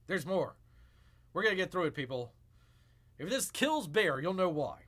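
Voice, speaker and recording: A man hosting a live stream, commenting with sarcasm and mock exasperation. His voice is bright and sits a little high, and his pitch swings widely from line to line. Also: sing-song, moderate pace. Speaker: streamer host.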